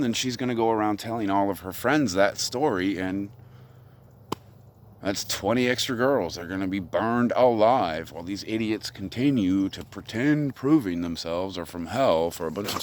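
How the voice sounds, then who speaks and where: A man's voice: on the low side, moderate pace. A man delivering an agitated, profane solo rant outdoors on a hilltop. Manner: ranting, profane, agitated monologue.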